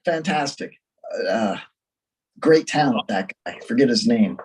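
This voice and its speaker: A man's voice: mid-range voice, expressive, unhurried, darkish tone, distant mic, a little hiss or hum, rough recording. A man co-hosting a casual talk show, telling prank-call stories and laughing as he acts them out. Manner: laughs through stories, acts out phone calls. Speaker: podcast co-host.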